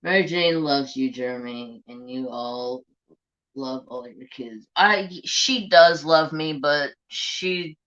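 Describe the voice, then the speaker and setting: A man's voice: medium pitch, slow pace, a bit bright. A man hosting a craft livestream, chatting casually and bluntly, swearing freely. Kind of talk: casual live-stream chat. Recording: dull lo-fi stream audio.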